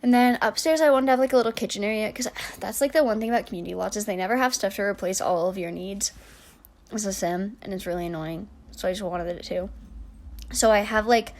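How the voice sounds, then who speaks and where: A woman in her twenties giving a chatty, rambling voice-over while building in a game, full of restarts and soft trailing asides. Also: medium pitch, fast talker. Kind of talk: casual voice-over commentary.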